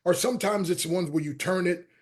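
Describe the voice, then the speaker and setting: Husky, animated male storyteller. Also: high-pitched, a little fast. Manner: animated storyteller who acts out quoted voices and shifts loudness a lot. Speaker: podcast guest, motivational speaker. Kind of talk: storytelling interview talk.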